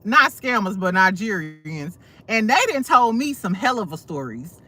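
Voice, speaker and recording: A woman's voice: medium pitch, very animated, unhurried, bright, forceful tone. A woman host on a casual livestream, telling blunt, profane gossip stories full of asides. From St. Louis. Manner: sassy, blunt, profane storytelling with many asides.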